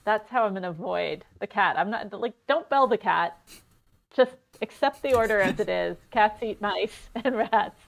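A woman's voice: mid-range voice, moderate pace, creaky, close to an everyday voice. A woman doing a meek, cautious mouse. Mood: placating.

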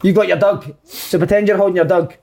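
A man's voice: high-pitched, fairly even intonation, fast, creaky, darkish tone. A man hosting a casual chat, pushing the others on. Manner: pushy, egging others on.

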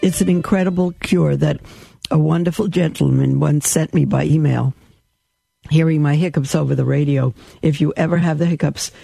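A male radio host with a fairly high, gravelly voice reads a sacred text slowly and devoutly. His tone is dark and mellow, and he drops into casual asides to his listeners between passages. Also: no room sound. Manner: slow, devout reading broken by chatty asides to listeners. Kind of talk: reading a religious text aloud with asides.

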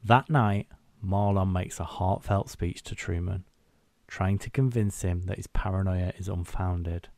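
Male podcast co-host, lowish voice, lively scene-quoting recapper, dry mic. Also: unhurried, no echo. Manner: animated, quotes scenes in acted-out voices. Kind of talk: casual film chat and plot recap.

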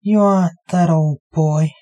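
Woman narrator doing a gruff, awkward dad guard, slow, mellow. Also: fairly low pitch, steady tone. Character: older male guard, the hero's father, gruff and awkward.

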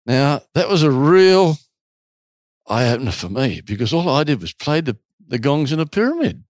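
A man running a retreat, telling stories casually in an interview with a lively, animated delivery. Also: on the high side, moderate pace, no echo, clean studio sound.

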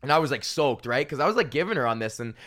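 Male comedian podcaster, casual rant, swears a lot, laughs often, mid pitch. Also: expressive, quick pace, a bit bright. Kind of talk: casual profane storytelling rant.

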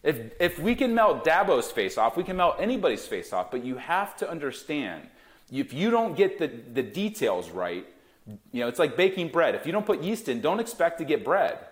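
Guy in his 30s, really lively up and down voice, punchy salesy way of talking. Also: a little high, moderate pace. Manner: emphatic, animated salesman. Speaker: guest, gifting company founder. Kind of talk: podcast interview.

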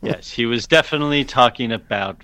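A man's voice: mid-range voice, fairly quick, bright, forceful tone, no room sound. A man co-hosting a podcast in casual chat, wry and teasing as he chimes in. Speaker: podcast co-host.

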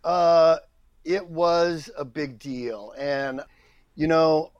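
A middle-aged man, a guest actor, telling stories on a podcast in an animated, self-deprecating way. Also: on the high side, very slow, clean tone, no room sound, muffled recording. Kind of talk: anecdotal storytelling.

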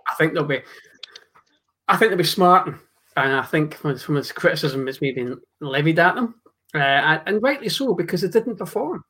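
A man, co-hosting a football podcast, emphatic and swearing in fast bursts. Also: on the high side, animated, bright, forceful tone, husky. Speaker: podcast co-host. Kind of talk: casual football chat.

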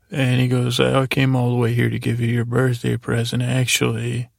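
A man's voice: mid-range voice, completely flat delivery, moderate pace, creaky, few pauses, dry recording, studio quality. A man hosting a sleep podcast, loosely retelling TV scenes in a meandering bedtime ramble.

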